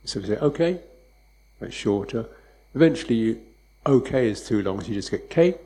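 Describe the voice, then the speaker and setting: A man giving a dharma talk as a meditation teacher, speaking softly and unhurriedly, with reflective repetitions. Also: on the low side, quick pace, poor audio.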